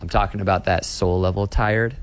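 A man's voice: sits low, fairly even intonation, a little fast, clean tone. A pastor talking earnestly in a casual interview, often repeating words as he restarts a thought. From Austin, Texas.

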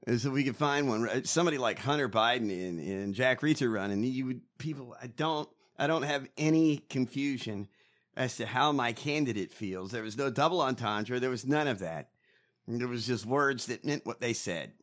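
A man's voice: mid-range voice, lively intonation, normal speed, a bit bright. A man hosting a podcast in casual political chat, blunt and mocking, swearing heavily. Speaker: podcast host.

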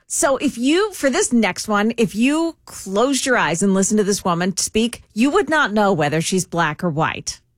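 A woman's voice: medium pitch, big pitch swings, normal speed, few pauses, no echo, studio quality. A woman co-hosting a talk show in casual chat, laughing often and trailing off mid-sentence. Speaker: radio show co-host.

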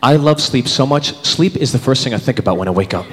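A man's voice: mid-range voice, fast. A man in his thirties performing a stand-up comedy routine, acting out characters as he goes. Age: 30s. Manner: animated, acts out characters in put-on voices. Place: comedy club stage. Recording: live hall with crowd noise. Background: audience laughter.

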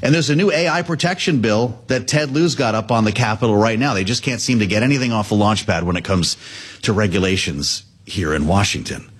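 A man anchoring a live business news show, speaking in a conversational, lively way. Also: on the low side, a little fast, husky.

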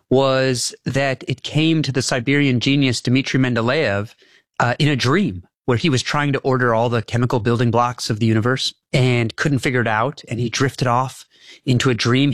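A man's voice: mid-range voice, a bit bright, dry recording, studio quality. A man being interviewed as the author of a book, who explains his ideas earnestly and breaks into laughs between points. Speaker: author and guest.

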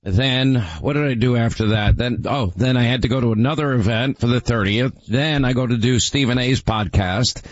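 A man's voice: medium pitch, normal speed, hardly any pauses, dry recording. Man, sore strained voice, rambling casual chat, dry muffled radio sound. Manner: rambling, self-deprecating. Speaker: radio show host.

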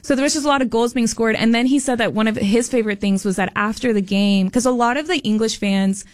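A woman's voice: on the high side, fairly even intonation, quick pace, no echo, studio quality. A woman co-hosting a morning radio show, telling a story in an upbeat, chatty way. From family from Mexico. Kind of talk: casual morning radio chat.

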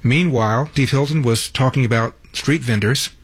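A man's voice: mid-range voice, normal speed, breathy edge. A man hosting a talk radio show from a studio, delivering an emphatic opinion monologue with sarcastic asides.

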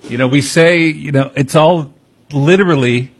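A man's voice: a little high, normal speed, slightly rough. A man co-hosting a talk radio show, casual and hesitant, with many fillers.

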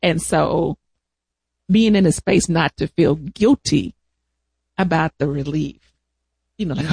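A man telling family caregiving stories in an animated, laughing manner. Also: fairly high pitch, vocal fry, slightly rough, no room sound. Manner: animated storyteller, laughs often, drawn-out emphasis. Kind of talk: casual family storytelling.

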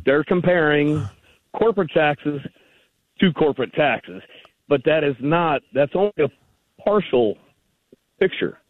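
A man's voice: on the high side, animated, measured pace, pauses often, dry recording. A man calling in to a radio show, making a rambling, argumentative case with many fillers. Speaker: caller. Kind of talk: call-in radio conversation. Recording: tinny phone line.

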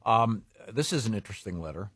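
A male radio host rambles through stories in a halting way, chuckling now and then. His voice sits low with a husky edge, and the close studio mic keeps it dry. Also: lively intonation, fairly bright tone, no echo. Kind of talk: morning radio banter.

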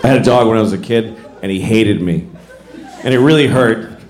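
A middle-aged man doing a stand-up comedy set, telling stories animatedly and acting out voices with loud bursts. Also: on the low side, fairly quick, crowd noise. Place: live comedy stage. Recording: echoey venue with audience noise.

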